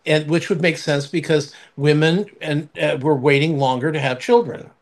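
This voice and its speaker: Sardonic man with a slightly high voice. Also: fairly even intonation. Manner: halting, many restarts, sardonic. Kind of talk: casual political chat.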